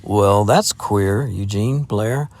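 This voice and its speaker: A man's voice: on the low side, slow pace, darkish tone. A man voicing a kindly, bantering grown man in a storybook reading. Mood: genial. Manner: genial and bantering.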